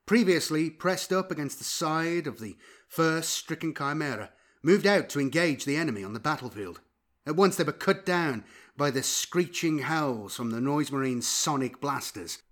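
A man reading war fiction aloud as an audiobook, with an intense delivery that swells sharply in loudness. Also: mid-range voice. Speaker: narrator.

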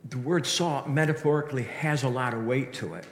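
A man's voice: mid-range voice, a little fast, slight background noise. A man preaching a sermon with earnest rhetorical questions and frequent restarts. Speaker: pastor. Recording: echoey hall reverb.

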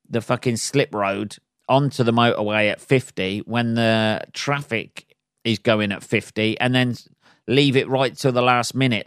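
A man's voice: medium pitch, no room sound, clean studio sound. A man, a stand-up comedian hosting a casual solo podcast, rambling and swearing freely and laughing at his own jokes.

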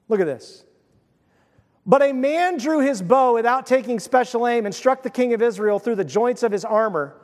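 High-voiced man preaching in reverberant hall. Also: moderate pace. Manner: animated storytelling, acts out voices. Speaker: pastor. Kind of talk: sermon.

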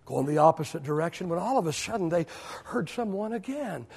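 A man in his fifties preaching a sermon to a church, swinging between loud declarations and hushed whispers. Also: on the high side, animated, brisk, gravelly, breathy edge. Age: 50s. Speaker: pastor.

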